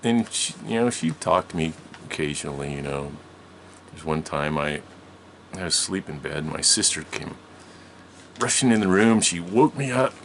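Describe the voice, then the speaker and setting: Male storyteller, very low gravelly voice, casual and rambling with many self-corrections. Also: expressive, normal speed, fairly bright tone, slight background noise.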